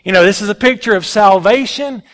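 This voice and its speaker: A male pastor preaching a sermon in an animated, folksy storytelling way. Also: high voice, a little fast.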